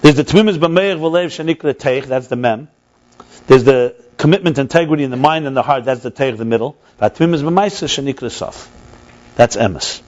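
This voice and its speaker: A man leads a text study class as a rabbi. His pitch is mid-range and his delivery is animated, with frequent restarts and Hebrew terms. The recording sounds a little muffled. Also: normal speed.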